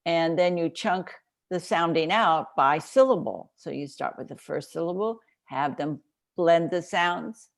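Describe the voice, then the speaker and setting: A woman's voice: on the low side, unhurried, vocal fry. A woman on a parent panel explaining, step by step and in a practical way, how to teach children to break words into syllables. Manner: practical, explains steps in order. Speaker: reading specialist panelist. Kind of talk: casual panel discussion.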